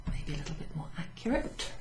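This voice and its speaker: A woman's voice: a little fast, roomy sound, noisy background. A woman teaching beginners French, explaining patiently step by step and sounding out French words. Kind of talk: recorded lesson recap.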